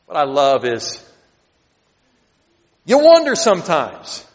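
A fairly high-voiced man preaches and reads scripture to his congregation. His delivery is animated and at times rises to near shouting. The sound is dull and lo-fi, with a long reverb from the hall around him. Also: takes it slowly. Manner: animated, rising to near shouts at emotional peaks. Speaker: pastor. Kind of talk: sermon.

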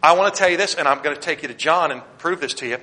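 A man preaching a sermon with a bright, forceful voice that sits somewhat high. He swings between loud emphatic declarations and quiet asides, speaking straight to the congregation. The sound rings with the long reverb of a church sanctuary. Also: racing. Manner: addresses the congregation directly and points them to their notes. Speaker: Baptist pastor.

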